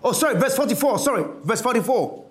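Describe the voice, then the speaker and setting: A male preacher with a very high voice, telling a scripture story in an unhurried, dramatic way. His pitch leaps and dips widely, from loud bursts to near-whispers. The sound rings around an echoey room. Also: expressive. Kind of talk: sermon.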